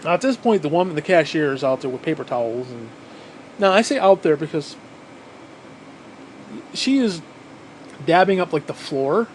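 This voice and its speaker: A man telling a story casually, animated, swearing often and repeating phrases for emphasis, sounding tired. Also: a little high, moderate pace, long pauses, slight background noise, poor audio. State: physically exhausted.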